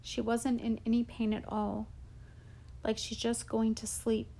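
A woman reading the lines of a gentle, grieving father who speaks softly to console his children. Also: on the high side, monotone, a little slow, creaky. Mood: consoling.

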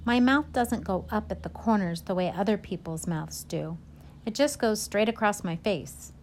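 A woman reads a first-person storybook aloud, gentle and measured. Her pitch sits in the middle range. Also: a little hiss or hum. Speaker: audiobook narrator.

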